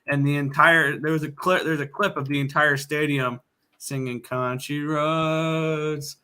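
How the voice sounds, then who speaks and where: A man co-hosting a sports betting chat, giving measured opinions on games and teams. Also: fairly high pitch, little pitch movement, sharp tone, smooth. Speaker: co-host handicapper.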